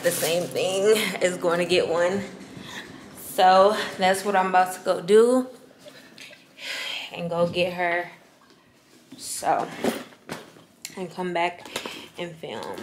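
A woman in her twenties vlogs casually to camera, chatty and full of slang as she addresses her viewers directly. Her voice is on the low side, with a noisy background.

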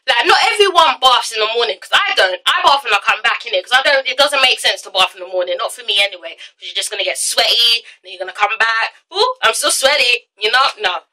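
A woman's voice: a little high, expressive, fast talker, few pauses, pushed and bright, low-quality recording. Ranting teen girl. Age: teens. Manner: heated ranting, stammering restarts, exasperated. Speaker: vlogger. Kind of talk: ranting vlog. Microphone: phone held at arm's length.

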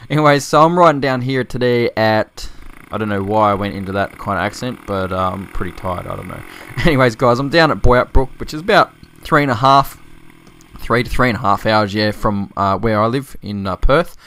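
An Australian motovlogger with a lowish, fairly bright voice talks fairly quickly while riding a motorbike outdoors, filmed on a chest-mounted camera. His casual vlog chat rambles, and he laughs and swears freely.

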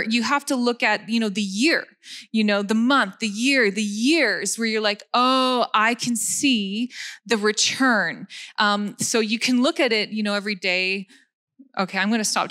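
A woman in her thirties delivers a sermon, her voice sitting in a middle register. She speaks in an animated way, laughs easily and drops self-deprecating asides into the message. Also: medium pitch. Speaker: preacher.

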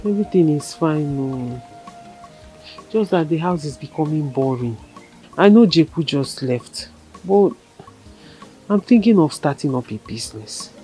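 An actress with a Nigerian accent playing a restless wife planning to start a business. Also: female voice, low voice, expressive, unhurried, pauses often, warm tone, soft background music, low-quality recording. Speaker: wife whose husband left for the city.

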